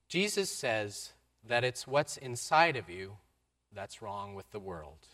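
A man preaching a sermon, telling a story and acting out the voices in it, moving between loud outbursts and quiet lines. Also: lowish voice, big pitch swings, takes it slowly. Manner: acts out quoted voices, swings from loud to soft. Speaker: pastor.

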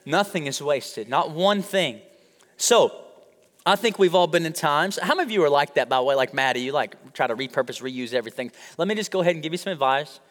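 A man's voice: on the high side, expressive, a little fast, fairly bright tone. A man preaching a sermon to his congregation, conversational and joking, calling out to the room. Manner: humorous, conversational preaching with audience call-outs. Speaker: pastor. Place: church sanctuary. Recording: long hall reverb.

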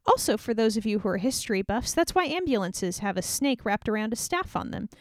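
A woman tells Bible stories in a chatty, playful way, with quick jokes along the way. Her fairly high voice moves up and down a lot. She sounds close and dry. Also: big pitch swings, no echo. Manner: chatty, playful, wry asides. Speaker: Bible teacher. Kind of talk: casual Bible story retelling.

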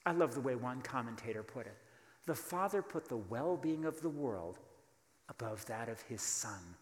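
A man's voice: mid-range voice, lively intonation, normal speed, roomy sound, big-room sound. A man preaching a sermon as pastor, emphatic and full of rhetorical questions, calling on the congregation to answer.

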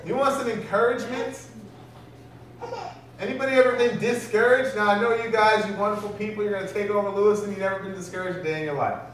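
Preaching conversationally and often questioning his congregation, this pastor has a high-sitting, somewhat bright voice with a steady tone, and he talks fast. The audio comes from far off in an echoey hall, with a little background noise.

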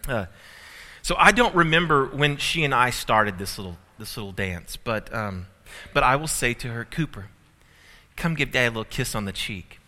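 A man's voice: medium pitch, animated, normal speed, sharp tone. A man preaching a sermon as pastor, telling a family story with humor and building emphasis. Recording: reverberant hall.

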